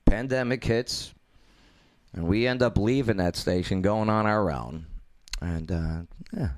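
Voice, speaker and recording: A man's voice: lowish voice, measured pace. A man hosting a casual talk show, telling a long story loosely with lots of fillers. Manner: rambling storyteller with many fillers, lively intonation. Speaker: podcast host.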